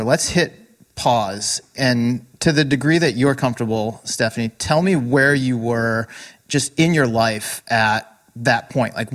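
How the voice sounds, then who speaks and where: A man hosting a podcast, calmly asking his guests questions and steering the talk. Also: mid-range voice. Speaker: podcast host. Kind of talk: interview questions.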